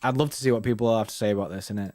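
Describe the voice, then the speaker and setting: A man's voice: on the low side, very fast, darkish tone. A man co-hosting a football fan show, chatting casually and rambling with slang and restarts. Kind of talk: casual chat reading viewer comments.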